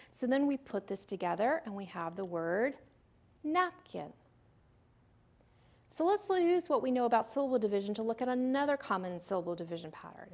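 A literacy presenter gives a recorded phonics lecture, explaining step by step in a patient, teacherly way. She models the sounds aloud, sounding out words as she goes, in a mid-range, slightly mellow voice.

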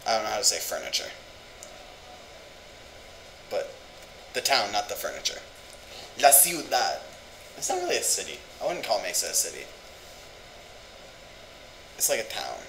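A man's voice: fairly low pitch, wildly swooping pitch, normal speed, vocal fry, long pauses, fairly bright tone. Young-sounding guy for a casual vlog, rambles and sounds words out aloud, echoey room with light hum. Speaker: vlogger. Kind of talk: casual language-learning vlog.

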